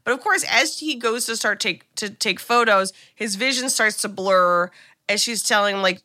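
A woman's voice: medium pitch, normal speed, pushed and bright, no room sound, clean studio sound. A woman co-hosting a podcast, retelling a movie plot in casual, chatty talk full of "like" and the odd swear word. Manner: chatty, frequent "like", swears freely. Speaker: podcast co-host. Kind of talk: casual film recap chat.

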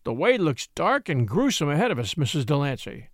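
A man's voice: on the high side, very animated, brisk, no echo, clean studio sound. A man reading an audiobook, voicing a gallant young male attorney who pants and jokes dryly. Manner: panting, dryly humorous.

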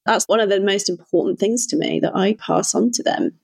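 A woman's voice: medium pitch, brisk, creaky, darkish tone, slightly rough. A woman hosting a podcast, chatting earnestly and openly. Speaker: podcast host. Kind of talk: casual chat.

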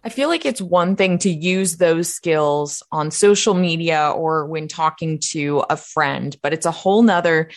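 A woman's voice: low-pitched, a little slow, few pauses. A woman co-hosting an interview, asking questions and searching for her words with small restarts.

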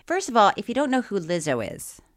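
A middle-aged woman co-hosting a podcast in casual chat, playful and quick to laugh. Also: medium pitch, sing-song, no room sound, clean studio sound. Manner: playful, laughs often, sings snatches of songs. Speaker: podcast co-host.

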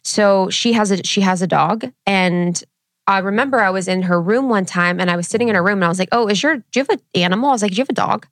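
A woman's voice: mid-range voice, quick pace, no echo, studio quality. A woman co-hosting a casual chat, telling stories animatedly with lots of slang and filler words. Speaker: podcast co-host.

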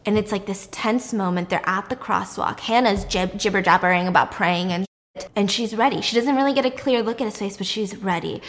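A woman casually recapping a show, animated and acting out the quotes, with some swearing. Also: mid-range voice, brisk, a little hiss or hum. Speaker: podcast host recapping a show.

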